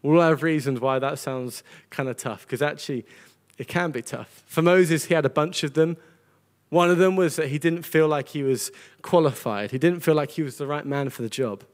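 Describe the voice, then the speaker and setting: A man's voice: on the high side, normal speed. A man preaching a sermon to a congregation, earnest and conversational, often repeating words as he goes. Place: church gathering with a congregation.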